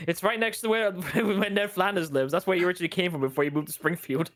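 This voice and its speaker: A man's voice: high-pitched, fairly even intonation, quick pace, a bit bright. A man bantering on a game stream, joking, swearing often and drifting into rambling asides. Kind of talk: casual banter.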